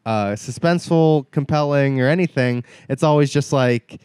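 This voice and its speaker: Rambling man with a smooth, dry voice. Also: fairly high pitch, measured pace, a little mellow, no echo. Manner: rambling, acts out mocking quotes with a laugh. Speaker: podcast co-host. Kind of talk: casual movie review chat.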